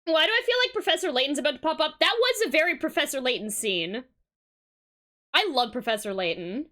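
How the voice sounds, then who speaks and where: Chatty, giggly English streamer, bright and lively. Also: female voice, sits high, brisk. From England. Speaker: game streamer. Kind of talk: casual let's-play commentary.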